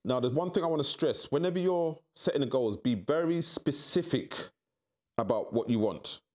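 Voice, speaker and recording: A middle-aged man from tells his story in an interview, and his voice keeps leaping up high as he acts out other people's words. He sits at a middling pitch and talks in candid, storytelling turns. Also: moderate pace. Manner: animated, acts out quoted voices with big pitch jumps. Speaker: interview guest.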